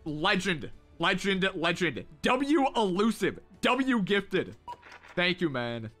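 A young man with a high voice streams a mobile shooter live, talking through his headset to his viewers. He gets excitable and says the same short phrases again and again. Faint game music plays underneath. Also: takes it slowly. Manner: excitable, repeats phrases over and over. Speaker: livestream gamer host. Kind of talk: casual live game commentary.

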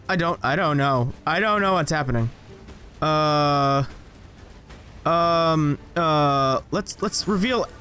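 High-voiced, rambling young man gaming. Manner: rambling, self-mocking, jumps to high excited yelps. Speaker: gaming channel host. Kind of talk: casual gameplay commentary.

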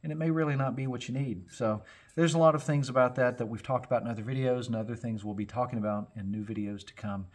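A man's voice: mid-range voice, steady tone, fast. Middle-aged flute maker guy, folksy, rambles on, kinda out of breath, casual tutorial talk. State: a little out of breath. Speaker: flute maker and channel host.

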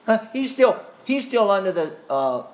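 A man teaching a catechism class, questioning students by name and pausing with frequent fillers. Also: high voice, big pitch swings. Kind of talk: Bible study teaching.

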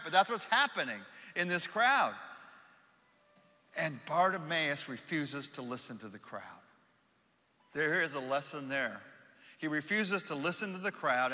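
A pastor preaching a sermon, swinging from loud calls down to soft near-whispers. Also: male voice, a little high. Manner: dynamic, swings from shouting to hushed whispers. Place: church auditorium. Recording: reverberant church hall.

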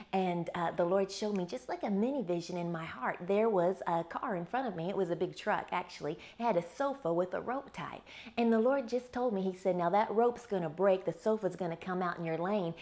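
A woman hosting a Christian devotional show from her kitchen, telling personal stories in a chatty, warm-hearted way with frequent laughs. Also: on the low side. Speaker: Christian teaching show host. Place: home kitchen.

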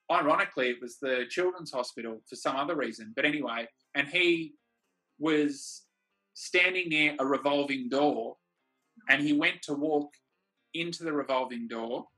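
Australian male co-host, bright and a touch husky, relaxed anecdotes on a video call. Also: fairly high pitch. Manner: laughing, easygoing storyteller. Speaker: comedy co-host. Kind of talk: casual chat over a video call.

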